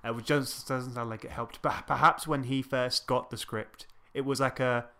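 A man in casual chat, measured and wry as he talks through a film. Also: mid-range voice, fairly even intonation, bright, forceful tone. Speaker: film podcast co-host.

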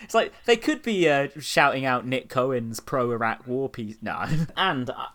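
A man's voice: mid-range voice, animated, measured pace, a bit bright. A man hosting a casual comedy podcast, sarcastic and laughing often as he mocks what he reads. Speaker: podcast host. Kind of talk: casual comedic chat, reading posts aloud mockingly.

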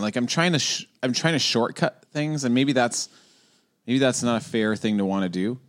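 A man co-hosting a podcast in casual conversation, animated and quick to laugh at himself. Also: mid-range voice. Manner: animated, laughs often, jokey. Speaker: podcast co-host.

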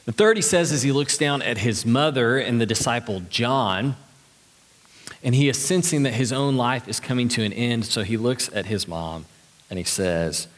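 A man preaching to his congregation, his mid-pitched voice ringing through the long reverb of a church sanctuary. He talks earnestly but conversationally, slipping in light jokes. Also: moderate pace. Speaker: pastor. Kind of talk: sermon. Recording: long reverb of a large hall.

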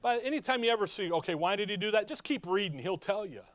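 A man preaching a passionate sermon. He swings from quiet asides to loud, urgent cries and often stops mid-phrase to look up chapter and verse. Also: high-pitched, lively intonation, fast, dry recording.

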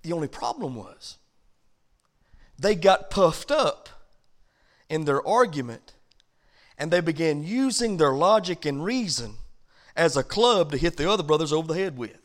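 A man, a pastor, teaching a Bible study in a conversational preaching style that rises loud and drops soft. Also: fairly high pitch, big pitch swings, a little slow, pauses often. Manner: conversational preaching with big swings in loudness. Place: church.

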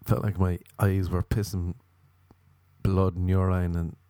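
Guy doing standup, low mellow voice, rambly and crude about himself. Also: level tone, measured pace, no room sound. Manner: rambling, self-mocking, crude. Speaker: stand-up comedian. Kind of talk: stand-up comedy monologue.

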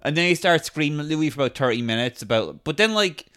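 A man's voice: fairly high pitch, quick pace, clear, resonant tone. A man in casual podcast chat, recounting a story and slipping into impressions of people. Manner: animated storyteller, mimics people.

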